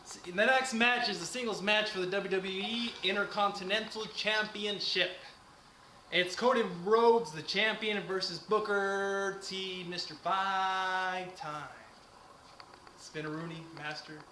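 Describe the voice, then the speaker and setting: A man's voice: high-pitched, normal speed, bright, forceful tone. A man co-hosting a casual wrestling chat, announcing each match and giving his pick. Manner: announcer-like, reads out match cards. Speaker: co-host. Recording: echoey room with faint noise.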